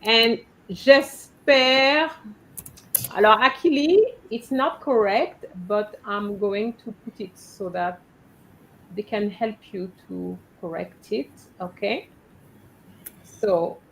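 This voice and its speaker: Slow, patient woman teaching French online. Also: medium pitch, expressive, gravelly, slight background noise, low-quality recording. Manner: patient, correcting students one by one. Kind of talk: live online lesson.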